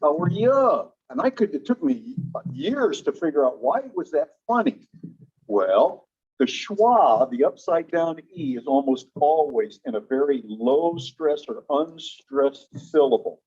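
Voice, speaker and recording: A man teaching in a classroom, relaxed and explanatory, with a slightly high but mellow voice. He slows down to demonstrate sounds. The recording is dull and lo-fi. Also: slightly rough. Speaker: English-teaching instructor. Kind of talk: classroom lecture.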